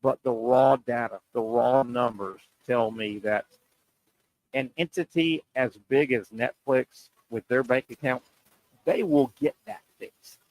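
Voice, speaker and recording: A man with a mid-range, somewhat dark voice hosts a sports talk show on a rough recording. He drives his point home with rhetorical questions and repeats key lines, pausing and stretching words for emphasis.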